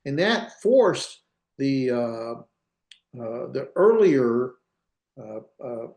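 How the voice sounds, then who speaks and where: A man's voice: mid-range voice, big pitch swings, extremely slow, darkish tone, reverberant. A man teaching a Biblical Hebrew grammar class online, plain-spoken, thinking aloud with restarts and fillers. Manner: plain-spoken, jokes about himself. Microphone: computer mic in a video class.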